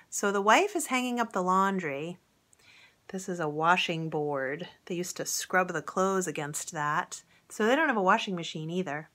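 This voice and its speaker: A woman reading a picture book aloud to young children in a gentle, chatty way, pointing out the pictures as she goes. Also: fairly low pitch, lively intonation, a little slow. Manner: gentle, chatty, talks straight to young listeners. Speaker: storybook reader.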